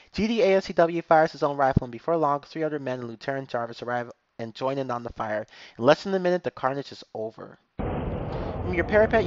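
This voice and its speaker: A man streaming himself reading a text war game aloud, joking and swearing between passages, on a muffled noisy recording. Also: mid-range voice. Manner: jokey, animated, swears, reads narration aloud. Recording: muffled lo-fi with loud hiss.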